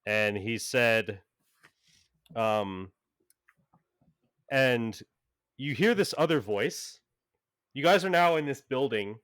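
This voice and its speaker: A man's voice: medium pitch, animated, takes it slowly, long pauses, fairly bright tone, smooth, no room sound, clean studio sound. A man running a tabletop game as game master, narrating in a rambling way full of fillers and restarts.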